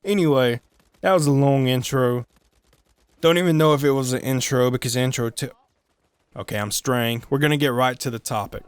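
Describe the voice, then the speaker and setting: A man's voice: medium pitch, normal speed, clean tone, dry recording. Rambling, self-mocking gaming vlogger man. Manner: joking, self-mocking, sidetracked asides; stumbles and restarts often. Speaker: gaming video creator. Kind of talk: rambling solo gaming commentary.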